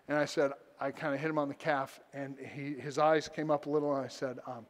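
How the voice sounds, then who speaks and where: A man's voice: a little high, steady tone, moderate pace, hardly any pauses, a bit bright. A man preaching a sermon as pastor, telling a personal story with self-deprecating humor. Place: church sanctuary. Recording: long church reverb.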